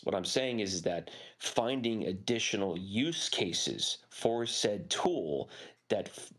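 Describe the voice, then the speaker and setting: A man on a casual panel discussion, making his point in a measured, deliberate way and repeating words as he thinks. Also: lowish voice, a bit bright. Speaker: panel guest.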